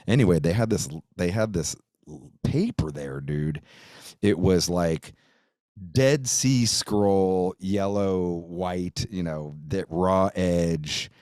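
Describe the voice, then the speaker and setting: A man's voice: low voice, takes it slowly, a little mellow, no room sound. A middle-aged man tells a rambling, profane story as host of his own podcast. He leans on "dude" and "like" and swears casually. The sound is dry and close, with no room around it.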